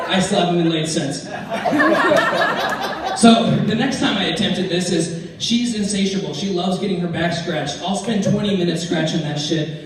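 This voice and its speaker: A man's voice: sits high, noisy background. A man doing a stand-up comedy set, telling brash, profane stories and acting out the lines of others. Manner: brash, profane storytelling with acted-out quotes. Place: comedy club stage. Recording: echoey club from far off. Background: audience laughter.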